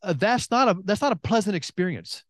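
Emphatic middle-aged preacher, slightly high voice. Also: male voice, a little fast, no echo. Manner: emphatic, swinging from excited bursts to hushed intensity; repeats phrases and restarts. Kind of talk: sermon.

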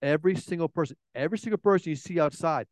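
Lively, dry-voiced man preaching a sermon. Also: on the high side, racing, no room sound. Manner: animated storytelling with frequent restarts. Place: room with an audience.

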